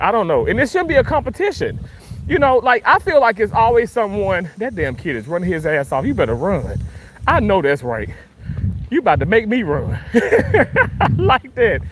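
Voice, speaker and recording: A man's voice: high voice, slight background noise. A man in his thirties from Mississippi with a Southern accent, chatting casually on a livestream, reading comments aloud and laughing often. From Mississippi, USA. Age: 30s. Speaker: livestream host.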